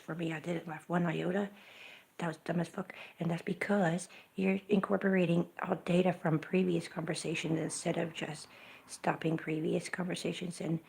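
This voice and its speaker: A blunt woman livestream host who talks casually and swears freely. Her voice sits low and has a gravelly fry to it. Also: flat delivery, normal speed, a little mellow. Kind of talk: casual chat.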